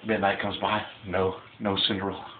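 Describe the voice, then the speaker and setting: A man in his thirties, a comedy vlogger, tells crude jokes in a rambling, chuckling, casual way. His voice sits low with little pitch movement and a brisk pace, and the audio is tinny and phone-like with faint hiss.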